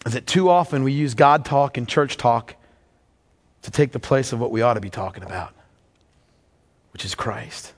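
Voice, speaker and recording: Impassioned male pastor preaching in a church hall. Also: mid-range voice. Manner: impassioned preaching, reading slowly and deliberately. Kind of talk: sermon.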